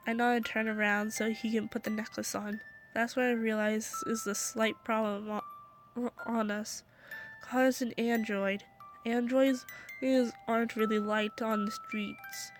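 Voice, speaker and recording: A woman's voice: fairly high pitch, little pitch movement, measured pace, soft background music. A young woman reading a fan story aloud into her phone, stumbling and restarting often, her throat scratchy. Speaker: story reader.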